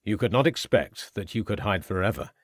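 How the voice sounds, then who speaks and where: A man playing a calm, firm police inspector. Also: lowish voice, fairly quick, no echo, clean studio sound. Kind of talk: audiobook character voice.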